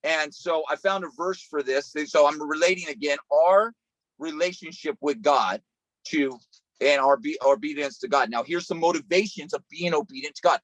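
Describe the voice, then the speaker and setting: A man's voice: on the high side, moderate pace, fairly bright tone, dry recording, rough recording. A man preaching a sermon over a video call, telling a story in an earnest way and often repeating and restarting phrases. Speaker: pastor.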